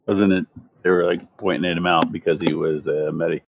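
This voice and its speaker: A man playing a tabletop game, slowly recalling events with fillers. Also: low voice, fairly even intonation, lo-fi sound, slight background noise. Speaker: player.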